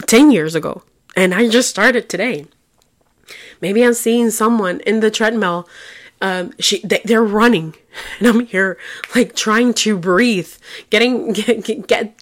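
A woman therapist hosting a casual solo podcast, chatty and lighthearted with small jokes. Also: medium pitch.

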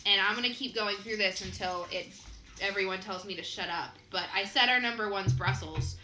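A woman's voice: mid-range voice, a little fast, bright, forceful tone. A young Midwestern American woman co-hosting a podcast, chatting casually and laughing often. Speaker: podcast co-host. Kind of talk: casual chat. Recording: echoey room with faint noise.

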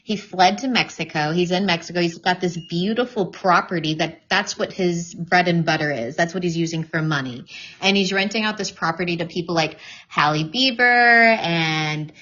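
Outspoken low-voiced woman. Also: moderate pace. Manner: animated, outspoken and profane. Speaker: podcast guest, photographer. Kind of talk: casual conversation. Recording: dull lo-fi recording.

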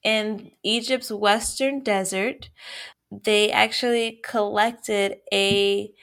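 Woman cohost on a podcast, talks slow and thoughtful, drawn-out words. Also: medium pitch, steady tone, vocal fry, fairly bright tone. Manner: measured, reflective, drawn-out phrasing. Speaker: podcast co-host. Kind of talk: casual chat.

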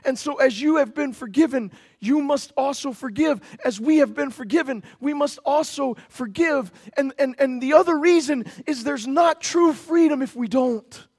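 A man with a very high-pitched voice preaches a sermon with strong emphasis. He slows to hammer key words, then rushes through playful asides where he acts out the characters. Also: darkish tone. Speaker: pastor.

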